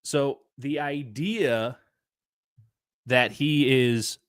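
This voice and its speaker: A man's voice: medium pitch, extremely slow, clear, resonant tone, no room sound, clean studio sound. A man co-hosting a postgame sports analysis show, blunt and emphatic, stumbling over restarts as he builds an argument. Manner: emphatic, blunt, repeats himself when revving up. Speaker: sports columnist co-host.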